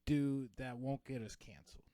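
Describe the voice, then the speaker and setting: A man co-hosting a comedy podcast, telling a story in casual chat, swearing freely and dropping to low mumbles. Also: fairly even intonation, normal speed, dark tone, no echo. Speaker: podcast co-host.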